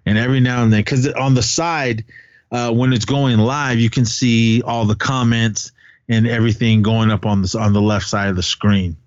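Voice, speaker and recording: A man's voice: mid-range voice, fairly even intonation, normal speed, no echo. A man co-hosting a podcast from home, talking films in a rambling, self-correcting casual chat. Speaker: podcast co-host reviewing films. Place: at home with a child nearby. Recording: dull lo-fi dry recording.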